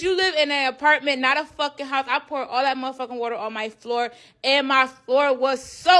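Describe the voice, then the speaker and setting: A woman's voice: sits high, fairly quick, pushed and bright. A woman venting in a profane, exasperated rant over her cleaning clip. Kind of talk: ranting voice-over.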